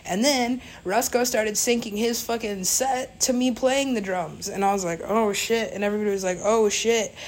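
A woman's voice: medium pitch, brisk, few pauses, poor audio. A woman DJ telling a story in a casual, rambling way, full of fillers and swearing.

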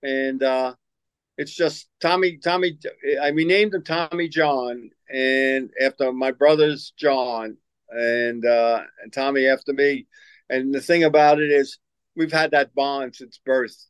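A man's voice: medium pitch, fairly even intonation, measured pace, smooth, no echo, rough recording. An older man, a former basketball coach, telling rambling stories in an interview, repeating himself and acting out what people said. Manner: rambling, repeats words, acts out quoted lines. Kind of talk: storytelling interview answers.

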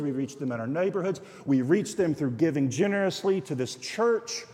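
Guest preacher, male, slightly high voice, dramatizes quotes in his stories, big echoing sanctuary sound. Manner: animated storytelling, acting out quoted voices. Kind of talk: sermon. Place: church sanctuary. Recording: long church reverb.

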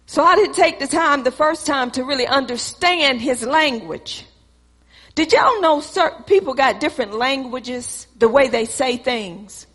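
A woman's voice: sits high, bright, forceful tone. A woman preaching a sermon, who acts out both sides of an argument in a repetitive preacherly cadence. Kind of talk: sermon with acted-out dialogue. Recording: long hall reverb.

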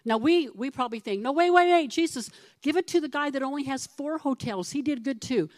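A middle-aged woman pastor delivers a sermon with a high-sitting voice at a brisk clip, and there's no echo. Her style is conversational and animated as she poses questions to the congregation and performs the voices of characters in her stories.

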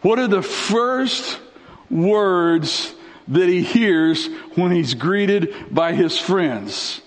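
A male pastor preaching a sermon in a conversational, dramatic way, sweeping up and down in pitch and dropping in slang. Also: expressive, very slow, in a large hall.

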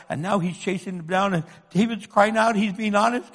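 A man preaching a sermon with passion, moving between loud pleading and hushed tones, in an echoing church hall. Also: high voice, normal speed, few pauses. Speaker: pastor.

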